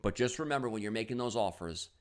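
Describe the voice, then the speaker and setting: A man's voice: fairly low pitch, expressive, fast talker. A middle-aged man telling a story with many fillers and quoted exchanges, giving a casual motivational talk to camera as a business coach.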